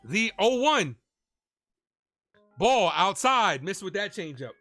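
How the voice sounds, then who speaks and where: High, bright-voiced excitable man calling baseball. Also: takes it slowly, soft background music. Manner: excitable, cheers and shouts at big plays; chats with viewers and reads donations. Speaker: fan streamer calling play-by-play. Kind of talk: live-stream play-by-play commentary.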